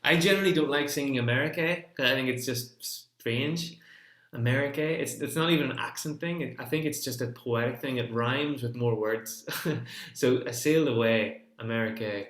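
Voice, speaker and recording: A man's voice: mid-range voice, moderate pace, fairly bright tone, echoey room. A man giving a folk singing lesson, chatting through the choices he makes and singing the phrases to show them. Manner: chatty explanations between sung demonstrations. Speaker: singing teacher.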